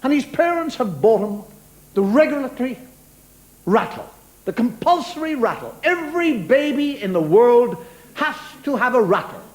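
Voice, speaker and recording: A man's voice: extremely high pitch, big pitch swings, normal speed, poor audio. A man performing a wry, chatty stand-up monologue, talking straight to a live studio audience. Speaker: stand-up comedian.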